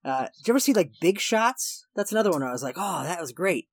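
Rambling, slightly high-voiced podcast guy. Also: expressive, quick pace, slightly rough, dry recording, studio quality. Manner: rambling, self-correcting, laughs while recapping. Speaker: podcast co-host. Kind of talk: casual podcast chat about a movie.

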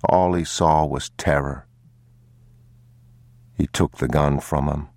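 A man narrating an audiobook in a slow, grave, measured manner. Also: extremely low pitch, steady tone, darkish tone, no echo.

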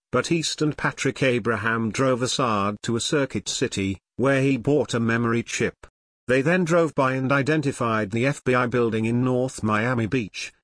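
A man reading nonfiction narration in a measured, matter-of-fact way. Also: medium pitch, fairly bright tone, no echo, studio quality.

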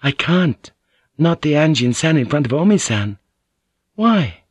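A man's voice: fairly high pitch, big pitch swings, a little slow, husky, dry recording, highs cut off, pitched above the performer's own voice, exaggerated voice. A man reading a novel aloud and voicing a young, graceful courtesan who speaks gaily and lightly. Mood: bright. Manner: gay, light. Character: young, graceful courtesan woman, gay and poised.

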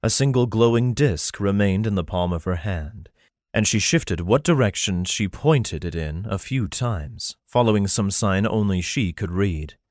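Low-voiced male audiobook narrator. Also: animated, measured pace, a little mellow, dry recording, studio quality. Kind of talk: scripted fantasy narration.

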